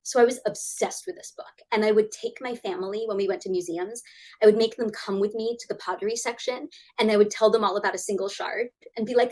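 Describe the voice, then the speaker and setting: A woman in her thirties, a guest author chatting in an interview over a video call, animated and acting out quoted voices. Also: fast talker, rough recording. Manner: animated, acts out quoted voices with big pitch jumps. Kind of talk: casual interview chat.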